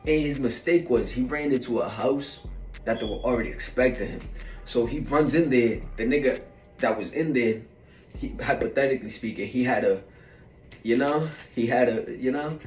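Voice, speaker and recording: A man's voice: medium pitch, fairly quick, darkish tone, echoey room. Man, casual storyteller, slangy and rambling; distant mic, faint music underneath. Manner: slangy, rambling, heavy fillers.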